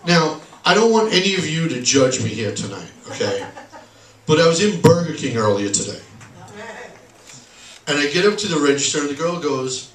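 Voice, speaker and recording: A man doing a sarcastic stand-up comedy set in a bar, telling deadpan punchlines. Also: fairly high pitch, moderate pace. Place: bar stage, live room. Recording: echoey bar recorded from a distance.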